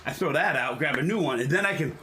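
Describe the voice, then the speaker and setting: An older man co-hosting a podcast, telling crude stories in a deadpan, casual way. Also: on the high side, quick pace. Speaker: podcast co-host. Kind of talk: casual banter.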